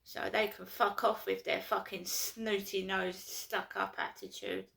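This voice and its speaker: A woman's voice: mid-range voice, very animated, a little slow, vocal fry, a bit bright. A woman from London, ranting in an aggrieved, repetitive vlog monologue. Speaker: vlogger. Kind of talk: casual to-camera monologue.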